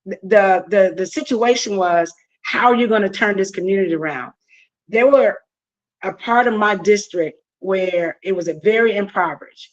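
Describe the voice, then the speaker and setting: Earnest woman candidate, halting speech. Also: medium pitch, muffled recording. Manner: earnest, halting with frequent fillers. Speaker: political candidate guest. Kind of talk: heartfelt interview answers.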